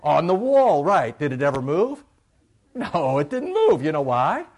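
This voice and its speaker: A middle-aged man preaching a sermon in a chatty, humorous way. His voice sits a little high for a man. He drops to low, quiet asides, then climbs into loud, excited stretches. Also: unhurried. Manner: conversational and joking, swings from quiet asides to loud animated bursts. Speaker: pastor.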